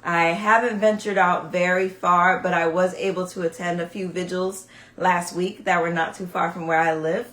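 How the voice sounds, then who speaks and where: A woman's voice: on the low side, steady tone, moderate pace, fairly bright tone, echoey room. A young woman from Brooklyn, hosting a casual livestream talk in an earnest, emphatic way, repeating key phrases. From Brooklyn, New York. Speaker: host. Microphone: phone.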